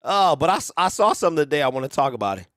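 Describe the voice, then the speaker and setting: A man's voice: fairly high pitch, sing-song, rapid-fire, a bit bright, no echo, clean studio sound. A man hosting a sports talk show, chatting casually, laughing hard and often and repeating his words.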